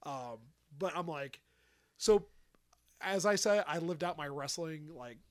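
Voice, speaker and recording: A man's voice: a little high, unhurried. A man hosting a podcast, telling stories in casual chat and acting out the dialogue. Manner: animated storyteller who acts out quoted dialogue. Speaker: podcast host.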